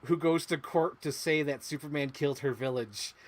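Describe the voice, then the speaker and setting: A woman's voice: low voice, moderate pace, a little mellow. A woman co-hosting a casual movie podcast, talking animatedly and acting out scenes in quoted voices. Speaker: podcast co-host. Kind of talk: casual chat.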